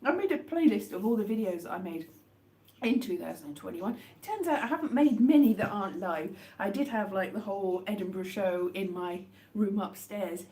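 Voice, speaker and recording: A woman chatting casually on a live stream as she eats chocolates, rambling with wry, deadpan jokes. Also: mid-range voice, moderate pace. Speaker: livestream host. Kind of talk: casual live chat while eating chocolates.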